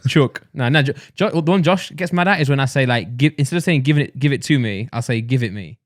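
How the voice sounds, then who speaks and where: A man's voice: mid-range voice, animated, fast, no echo, studio quality. A young man co-hosting a podcast, joking and teasing his co-host in casual banter.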